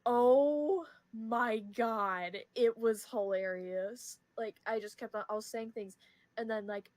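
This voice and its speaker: A woman's voice: on the high side, slow pace, darkish tone, dry recording. Teenage girl, casual podcast chat, giggly, rambling stories. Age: teens.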